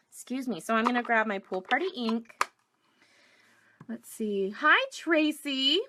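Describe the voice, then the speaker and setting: A woman's voice: fairly high pitch, takes it slowly, pauses often, a bit bright. A middle-aged woman demonstrating a paper craft project live, chatting and greeting viewers between steps. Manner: chatty, reads viewer comments aloud.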